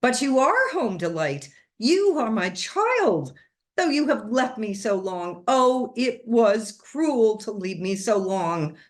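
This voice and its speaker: A woman's voice: on the high side, very animated, slow, voice pushed up. A woman reading aloud and voicing an unhinged, grieving older woman who speaks passionately and entreatingly. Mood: insistent. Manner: passionate, entreating, a little wild. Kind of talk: storybook reading.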